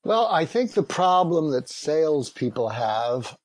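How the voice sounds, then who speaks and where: Male sales trainer, interview guest, husky, dry close sound, frank storyteller. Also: on the high side, very animated, a little slow, a little mellow, dry recording. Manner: anecdotal, frank.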